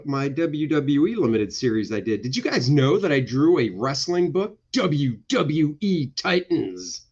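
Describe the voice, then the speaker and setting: A man's voice: fairly high pitch, darkish tone, highs cut off. A man hosting an art livestream, chatting casually, joking and rambling while he talks to his viewers. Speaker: comic artist hosting an art stream.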